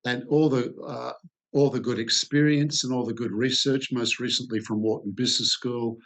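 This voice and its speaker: An Australian man in his sixties, a sales expert answering interview questions in a thoughtful way, pausing often with "uh". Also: mid-range voice, fairly even intonation, a bit bright. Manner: thoughtful, hesitant with many "uh" fillers.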